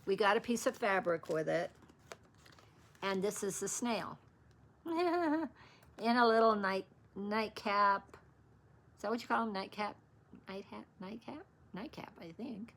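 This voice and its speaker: A woman's voice: medium pitch, lively intonation, measured pace, long pauses, fairly bright tone. A woman vlogger chatting casually about her stitching patterns, rambling and interrupting herself as she searches. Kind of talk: casual show-and-tell chat.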